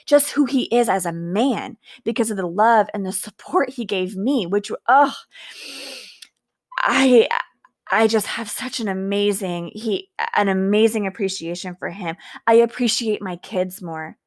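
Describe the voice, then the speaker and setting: A woman in her thirties hosting a podcast, speaking earnestly and from the heart in a personal, reflective monologue, slowing down to stress key words. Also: medium pitch. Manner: earnest, heartfelt, faith-filled, slows for emphasis. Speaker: podcast host.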